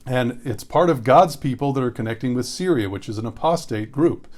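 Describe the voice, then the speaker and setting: A man, a pastor, teaching through a Bible chapter in a conversational way, reading verses slowly and repeating phrases for emphasis. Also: mid-range voice, expressive, a little mellow.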